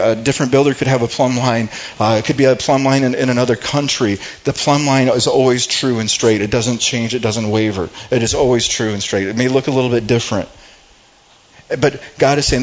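A man's voice: medium pitch, fairly quick. Man preaching a conversational sermon, lo-fi. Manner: conversational preaching with frequent repeated words and restarts. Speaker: pastor.

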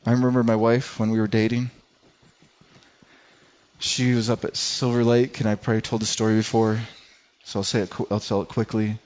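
A man from Michigan preaching a sermon as pastor, earnest and conversational, swinging from soft murmurs to loud declarations. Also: fairly low pitch, level tone, a little fast, pauses often. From Michigan, USA. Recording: dull lo-fi sound.

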